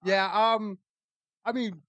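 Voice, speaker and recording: A middle-aged man, co-hosting a casual podcast and telling lively stories. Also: high-pitched, takes it slowly, dry recording. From Philadelphia area. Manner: storytelling, animated. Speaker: podcast co-host. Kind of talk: casual chat.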